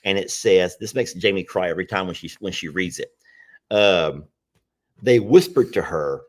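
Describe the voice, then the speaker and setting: With a deep voice at a moderate pace, a man hosts a casual livestream about his animal sanctuary. His talk rambles, staying chatty and repeating itself.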